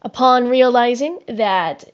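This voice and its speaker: A woman describing her role-play character in careful, deliberate narration. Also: fairly high pitch, clean tone. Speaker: player. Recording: dull online call audio.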